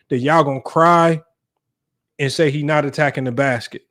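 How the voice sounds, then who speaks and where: A man's voice: a little high, moderate pace, a bit bright. A man hosting a sports debate live stream, ranting in an exasperated, heated way to his viewers.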